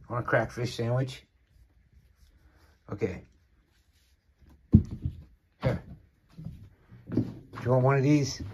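A man's voice: mid-range voice, a little mellow, slight background noise. Man chatting to his cat. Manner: chatty, teasing, talks to the cat. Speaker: vlogger filming his cat. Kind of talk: casual talk to a pet. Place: rural mountain home by a fire. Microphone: handheld camera.

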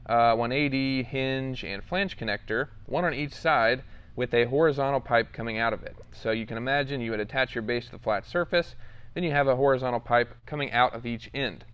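A young man hosting a casual product walkthrough, relaxed and rambling with lots of fillers. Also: medium pitch, clear, resonant tone. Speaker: product demo host.

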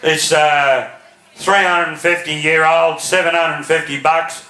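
A man voicing a blunt, deadpan uncle with an Australian accent who swears freely. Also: a little high, measured pace, pitched below the performer's own voice. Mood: matter-of-fact. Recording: roomy live comedy album, noisy.

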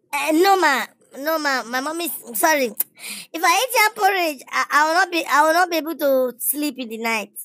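Brief: greedy, playful Nigerian schoolboy in a comedy skit, very high and lively, as an actor puts him on. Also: male voice, normal speed, dry recording, full character voice. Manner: playful, boastful pidgin banter. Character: cheeky greedy schoolboy Tegwolo.

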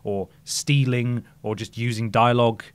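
Chatty podcast guy, enthusiastic, mid-pitched, rambles and restarts. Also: fairly even intonation, moderate pace, clear, resonant tone. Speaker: podcast co-host. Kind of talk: casual chat.

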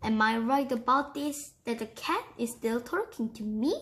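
A woman's voice: on the high side, moderate pace, lightly acted. A woman voicing a stubborn elderly grandmother who refuses to believe what she hears, in a storybook reading. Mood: shaken. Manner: flat refusal, in a strange voice. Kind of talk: storybook read-aloud.

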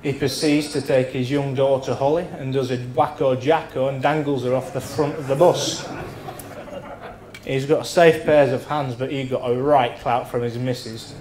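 A man in his thirties spins bawdy after-dinner anecdotes, swearing freely and acting out the people in his stories. His voice sits at a middling pitch. It rings around a roomy function hall over a faint murmur of ambience. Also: fairly even intonation, normal speed, a little mellow, a little hiss or hum. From England. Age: 30s.

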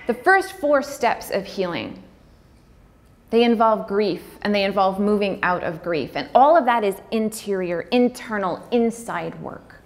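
A woman speaks at a mid pitch for a woman, telling her own story in a candid and heartfelt way. She uses casual fillers and sometimes speeds up to act out bits of conversation. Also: expressive, vocal fry. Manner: acts out dialogue in quick bursts. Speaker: speaker on pregnancy loss. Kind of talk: personal storytelling talk.

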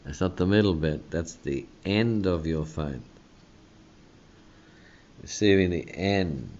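A male pastor preaches in a very low voice. He talks slowly and with emphasis, tagging his points with a questioning "hey?". The recording sounds dull and lo-fi. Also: a little mellow. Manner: slow and emphatic, often adding a questioning "hey?". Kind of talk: sermon.

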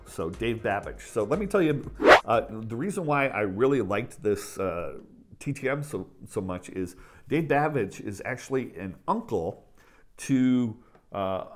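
Upbeat chatty male collecting host. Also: on the low side. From United States. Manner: upbeat, chatty, with frequent fillers and self-corrections. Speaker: autograph collecting channel host. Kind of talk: casual enthusiastic vlog.

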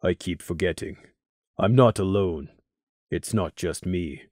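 A man playing Crimson, low and slow, shaken. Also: a little mellow, no echo, clean studio sound. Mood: remorseful. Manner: subdued, speaks through clenched teeth. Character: remorseful young man Crimson, grieving and shaken.

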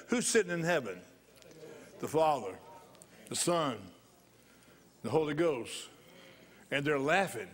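A man's voice: fairly high pitch, sing-song, a little slow, pauses often, a bit bright. A male pastor preaching a sermon in church, repeating phrases for emphasis and bursting into laughter.

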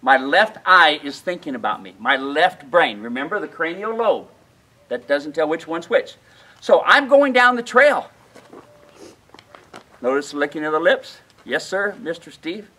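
A man's voice: a little high, sing-song, measured pace, bright, forceful tone, low-quality recording. A man demonstrating mule halter training outdoors at a ranch, folksy and emphatic, who keeps asking his listeners questions.

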